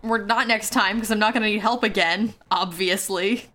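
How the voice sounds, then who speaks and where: A woman's voice: mid-range voice, steady tone, normal speed, a bit bright, lightly acted. A woman voicing a proud, embarrassed young adventurer in a tabletop game, stammering defensively. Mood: huffy.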